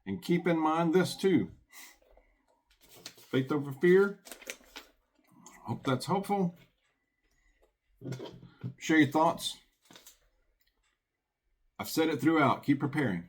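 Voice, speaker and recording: Man, folksy, earnest, lively pitch, prepping vlog host. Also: takes it slowly, long pauses. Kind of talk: casual commentary with scripture reading.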